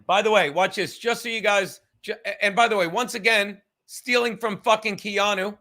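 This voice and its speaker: A man hosting a livestream podcast, rambling loudly and swearing as he reads chat comments. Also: high voice, fairly even intonation, normal speed. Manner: loud, rambling, profane, reading chat comments aloud. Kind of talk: casual chat.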